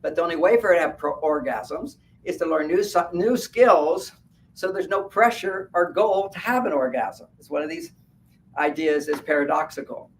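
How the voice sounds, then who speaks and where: Animated man talking from a distance. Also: fairly high pitch, moderate pace. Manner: animated, laughs at his own points, acts out quotes. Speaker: speaker at a wellness fair. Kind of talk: live talk to an audience. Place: event room at a hotel fair. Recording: distant mic with faint background noise.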